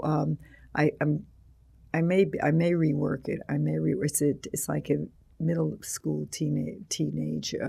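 A man's voice: on the high side, gravelly, warm tone, husky. An older man, an author and teacher being interviewed, rambling through anecdotes with many restarts and acted-out quotes.

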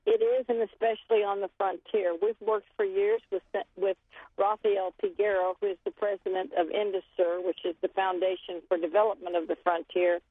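A woman's voice: mid-range voice, flat delivery, normal speed, no room sound. A woman directing a medical aid group, speaking earnestly over a phone call with frequent restarts and a voice worn from talking. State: losing her voice. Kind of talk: phone interview. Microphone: cell phone. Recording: tinny phone line.

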